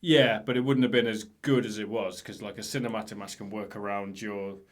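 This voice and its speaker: A man's voice: on the low side, fairly even intonation, fairly quick. Male co-host, easygoing, hesitant storyteller. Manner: rambling, hesitant, lots of fillers. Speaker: podcast co-host. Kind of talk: casual chat.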